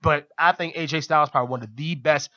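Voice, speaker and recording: A man's voice: fairly high pitch, steady tone, fast, bright, forceful tone, highs cut off. A man co-hosting a radio talk show, recapping wrestling in a casual, enthusiastic way and laughing often. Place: radio studio.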